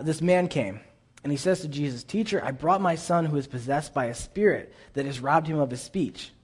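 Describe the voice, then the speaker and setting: A man preaches a sermon in an earnest, conversational way, often repeating himself as he reads scripture aloud. His voice is medium-pitched and a little mellow.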